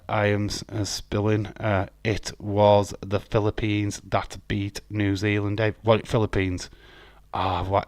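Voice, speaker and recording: A man with an English accent chats on a live stream, ranting bluntly and swearing freely. His voice is low and a little hoarse, and the sound is dry, with no room around it. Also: fairly bright tone, dry recording. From England. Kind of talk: casual live stream chat.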